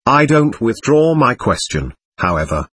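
A man's voice: mid-range voice, sing-song, measured pace, a bit bright, breathy edge, dry recording, exaggerated voice. Man reading a cool, insistent prosecutor. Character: keen, watchful male prosecutor.

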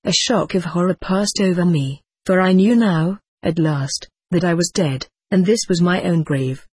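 A woman reading a first-person story aloud as an audiobook narrator, in a measured and solemn dramatic manner. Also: fairly low pitch, a little mellow, breathy edge, no room sound.

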